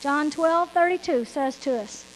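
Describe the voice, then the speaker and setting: High-voiced woman preaching with long reverb. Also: a little slow, a little hiss or hum. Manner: emphatic and repetitive, quoting scripture. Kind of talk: sermon.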